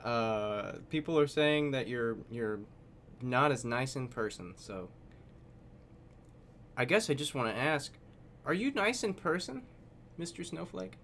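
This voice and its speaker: A man's voice: medium pitch, very animated, unhurried, pauses often, fairly bright tone, slight background noise. A man streaming live, making sarcastic remarks and laughing while talking back at a video. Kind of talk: casual live-stream commentary.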